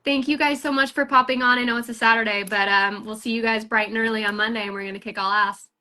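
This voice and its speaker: A woman's voice: a little high, steady tone, fast, pushed and bright, slight background noise. A woman hosting a casual recruiting chat for a sales team, upbeat and rambling, full of fillers and restarts.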